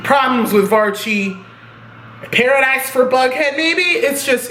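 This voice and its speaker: A young woman casually reviewing a TV episode, animated and profane, laughing at her own reactions. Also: sits high, a little slow. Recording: echoey room with faint noise.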